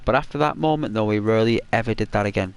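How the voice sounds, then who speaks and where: Over gameplay, a gaming channel host tells a story in semi-ASMR narration, chatty and rambling, full of fillers and restarts. His voice is on the low side, smooth, and very fast.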